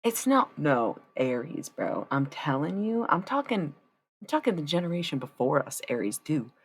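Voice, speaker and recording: A woman's voice: deep voice, big pitch swings, moderate pace, slight background noise. A woman in her thirties chatting casually and profanely on a tarot livestream. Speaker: tarot-reading streamer.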